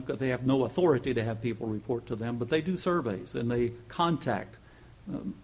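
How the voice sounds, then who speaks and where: Man, sermon, husky voice, earnest, emphatic then soft. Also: mid-range voice. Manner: earnest, lively delivery with emphatic peaks and soft asides. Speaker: pastor.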